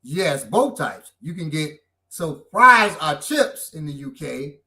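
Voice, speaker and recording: Podcast host, middle-aged Chicago man, bright tense voice, a touch high, animated storyteller. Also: slow. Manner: animated storyteller, lively swings in pitch and loudness. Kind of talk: casual chat.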